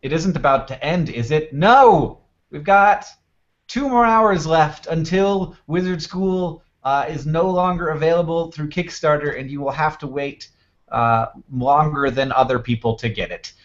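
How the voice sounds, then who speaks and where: Halting, joking male live-streamer. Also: a little high, muffled recording. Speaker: host. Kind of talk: casual live stream chat.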